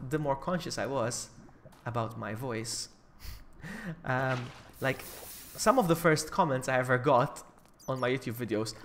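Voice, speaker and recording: A man's voice: medium pitch, creaky, fairly bright tone, a little hiss or hum. A man co-hosting a game livestream, chatting casually, laughing a lot and yelping when startled. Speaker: co-host playing along. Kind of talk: casual live gameplay chat.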